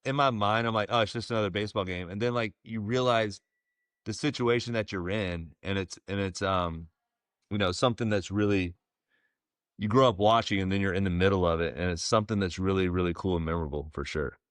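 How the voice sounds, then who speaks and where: Low-voiced man telling easygoing stories. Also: fairly quick, no echo. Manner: relaxed, rambling, lots of fillers and likes. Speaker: guest, former pro baseball player. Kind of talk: casual storytelling interview.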